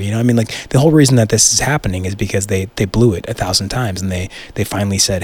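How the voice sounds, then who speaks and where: A young man hosting a casual solo podcast, rambling and excitable, swearing freely and restarting his sentences. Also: lowish voice, fast, hardly any pauses, husky. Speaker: podcast host.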